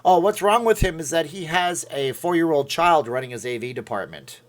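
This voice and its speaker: A man's voice: on the high side, lively intonation, normal speed. A middle-aged man chatting casually on a livestream, playful and rambling, reading comments and laughing at himself. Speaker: livestream host.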